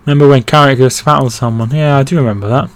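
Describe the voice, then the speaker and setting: A man's voice: mid-range voice, steady tone, quick pace. A man hosting a live football watchalong, chatting casually, reading out viewer comments and reacting to the play. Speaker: football stream host.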